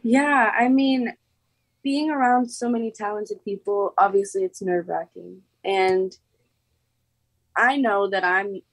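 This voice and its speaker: A woman's voice: mid-range voice, steady tone, a little slow, no room sound. A young woman from Oklahoma in her late teens, a former contestant chatting casually in an interview, bubbly and giggly with lots of "like" fillers.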